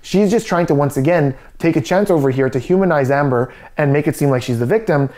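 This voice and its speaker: A man's voice: fairly high pitch, fairly quick, dark tone. A man giving skeptical, methodical body language commentary. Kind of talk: analytical commentary.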